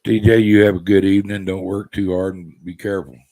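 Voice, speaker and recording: Laid-back, deep-voiced man. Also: little pitch movement, quick pace, warm tone, poor audio. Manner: easygoing, rambling, laid-back. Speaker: live stream host. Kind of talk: casual chat with viewers.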